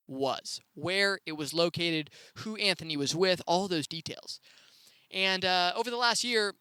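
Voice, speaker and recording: A young man hosting his own show, telling stories in a laid-back, chatty way with sudden excited rises. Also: high voice, clean tone, no echo. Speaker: podcast host. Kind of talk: casual solo storytelling.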